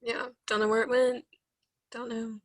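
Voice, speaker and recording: A woman's voice: on the high side, level tone, a little slow, no echo, studio quality. A woman who works as a manager, chatting wryly on a video call. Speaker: store manager. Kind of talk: casual video call chat.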